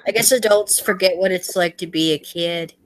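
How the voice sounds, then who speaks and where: A woman co-hosting a casual group chat, relaxed and giggly. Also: on the low side, normal speed, rough recording. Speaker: podcast co-host.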